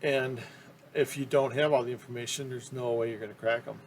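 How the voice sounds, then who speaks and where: Man, mid-pitched voice, casual interview talk, enthusiastic, rambling with restarts, faint noise behind. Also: steady tone, brisk. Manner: rambling, with many ums and restarts. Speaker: collector.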